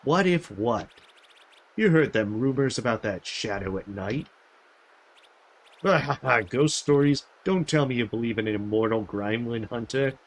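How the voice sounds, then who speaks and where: A man's voice: medium pitch, expressive, unhurried. A man doing whiny bickering gremlin guards. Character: grumbling gremlin guards on cold night watch.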